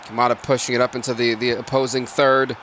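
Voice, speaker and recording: A man's voice: medium pitch, fast talker, slight background noise. A man giving casual play-by-play of a football video game, flaring up at big plays and muttering side remarks. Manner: excitable play-by-play that drops to mumbled asides. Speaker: gaming channel host. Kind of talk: solo video game commentary.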